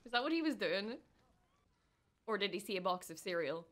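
Excitable, foul-mouthed woman reacting. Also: medium pitch, a little fast. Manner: excitable, swears freely, laughs and gasps often. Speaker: reaction streamer. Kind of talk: live reaction commentary.

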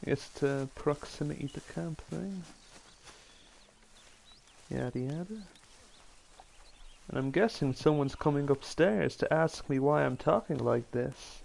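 A man streams a game from home, commenting in a dry, self-mocking mumble. His delivery is slow and unhurried, with a gravelly fry in a slightly higher-than-usual voice. He sounds offhand and deadpan throughout. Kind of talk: casual live-stream commentary.

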